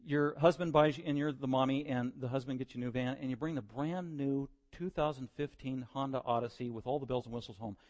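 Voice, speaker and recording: A man's voice: medium pitch, steady tone, fairly quick, hardly any pauses, a little mellow, in a large hall, highs cut off. A male pastor preaching a sermon in a conversational style that rises to emphatic exhortation.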